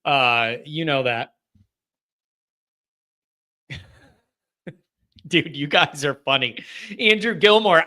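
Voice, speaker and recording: A man hosts a live fan call-in show, chatting casually and breaking into laughter. His voice sits high and sounds very bright and forceful. He talks in an animated way, sometimes shouting as he mocks comments. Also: very slow, long pauses. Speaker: host of a fan call-in livestream.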